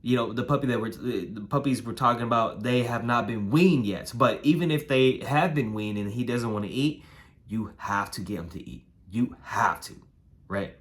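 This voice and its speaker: A young man with a hoarse, nasal voice giving casual advice on raising puppies, repeating himself and tagging lines with "right?" and "man". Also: mid-range voice, normal speed, a bit bright. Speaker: dog breeder giving advice. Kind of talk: casual instructional vlog.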